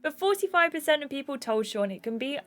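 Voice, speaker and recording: A woman's voice: high voice, big pitch swings, quick pace, fairly bright tone. A young woman hosting a gaming channel, reading a story game aloud and adding chatty, amused asides.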